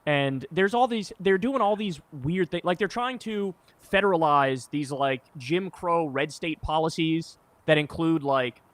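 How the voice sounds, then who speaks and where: A man talking as a political commentator, emphatic and indignant, cursing now and then in an animated discussion. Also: on the high side, a little slow, no echo.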